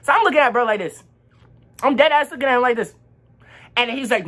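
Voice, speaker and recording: A young man in his teens telling a casual storytime vlog, animated and slangy, acting out what everyone said. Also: very high-pitched, fast, long pauses. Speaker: vlogger.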